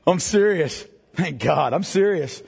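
A man's voice: on the high side, lively intonation, unhurried, vocal fry, a little mellow, breathy edge. A middle-aged male pastor preaching a sermon to a congregation, mixing scripture with joking asides. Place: church hall. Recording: long hall reverb.

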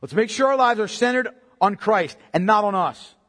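A man preaching a sermon as pastor, impassioned, swinging between loud outbursts and low, quiet emphasis. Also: animated, moderate pace. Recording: long hall reverb.

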